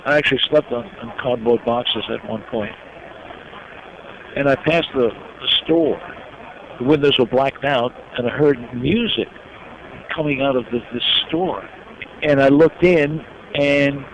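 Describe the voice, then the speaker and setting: An older man from New York, a guest in an interview, telling his life story slowly and with emotion. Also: mid-range voice. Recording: dull lo-fi recording with noise.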